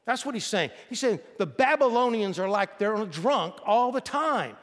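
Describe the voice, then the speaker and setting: A pastor with a high voice and lively intonation preaches to his congregation at a normal speed, the sound filling a big church sanctuary. He reads scripture aloud and leads them in call-and-response, asking them to repeat words back.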